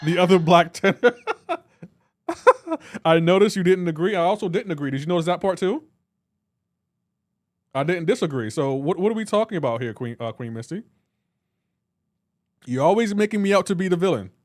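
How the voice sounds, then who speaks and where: A man's voice: high voice, sing-song, normal speed, pauses often, dry recording. A man on a live reaction stream, teasing and bantering with his chat and laughing often. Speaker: livestreamer.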